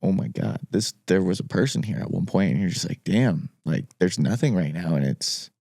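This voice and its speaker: A man's voice: low-pitched, moderate pace, creaky, dry recording, clean studio sound. A man co-hosting a podcast, chatting casually and chiming in with short remarks. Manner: animated, chimes in with short remarks. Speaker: podcast co-host. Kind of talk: casual chat.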